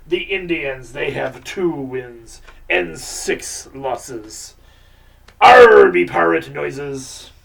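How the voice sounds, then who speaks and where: A man's voice: on the high side, drawn-out words, creaky, fairly bright tone, distant mic, exaggerated voice. A man putting on a growling pirate voice. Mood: gruff. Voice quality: growly "arr" interjections. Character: growling male pirate, gruff and bossy.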